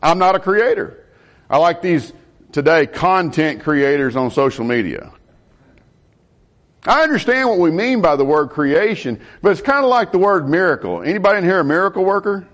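A middle-aged man, a pastor preaching a sermon in an animated way and asking the congregation questions. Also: fairly high pitch, normal speed.

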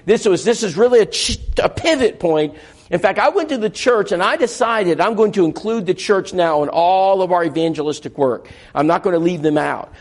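A man preaching, telling a story in an animated way and acting out the dialogue. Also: sits high. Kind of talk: sermon storytelling.

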